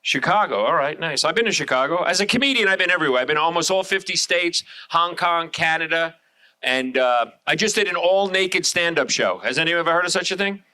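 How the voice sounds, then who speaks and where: A middle-aged man from Long Island, doing loud, brash, crude stand-up and crowd work on a showroom stage. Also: on the high side, lively intonation, fast talker. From Long Island, New York. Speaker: stand-up comedian. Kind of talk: live stand-up comedy.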